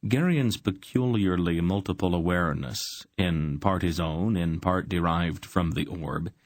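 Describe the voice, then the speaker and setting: Man, audiobook narration, deep voice, dry close recording. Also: no room sound. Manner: steady, unhurried. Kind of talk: scripted narration.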